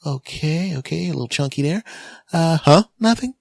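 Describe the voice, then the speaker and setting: A man voicing a nosy, skeptical ambulance paramedic with snarky, drawn-out remarks. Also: a little high, lively intonation, gravelly, no room sound, clean studio sound, pitched above the performer's own voice.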